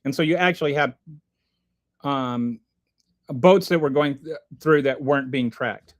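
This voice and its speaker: A man hosting a casual livestream, reading chat aloud and commenting in a rambling, animated way with many restarts. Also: medium pitch, measured pace.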